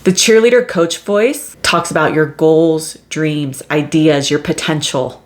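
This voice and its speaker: Low-voiced woman hosting a self-help podcast. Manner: measured, repetitive teaching tone. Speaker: podcast host.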